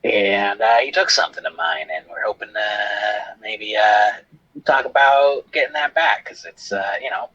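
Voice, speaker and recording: A man's voice: on the low side, a little slow, bright, forceful tone, slightly rough. A man playing a tabletop game who speaks in a hesitant, polite way, recorded on a dull lo-fi mic. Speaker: player. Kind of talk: casual tabletop play.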